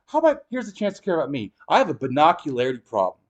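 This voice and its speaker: A middle-aged man from Los Angeles talks in a loose, casual chat. His voice sits high and swings widely in pitch. He is emphatic and profane. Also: sing-song, very fast, highs cut off. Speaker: host.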